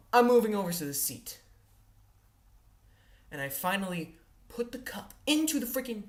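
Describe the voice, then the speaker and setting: A woman telling a comic personal story in an animated, exaggerated way, often checking in with her listeners and tossing in mild curses. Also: fairly high pitch. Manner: animated and exaggerated, with frequent "all right?" check-ins; mild exasperated cursing.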